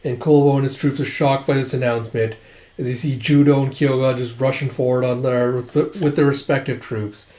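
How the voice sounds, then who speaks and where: A man casually recapping an anime episode, animated, acting out the characters' quotes as he goes. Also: mid-range voice, fairly quick. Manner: animated, acts out quotes, says "it's like" often. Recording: roomy echo.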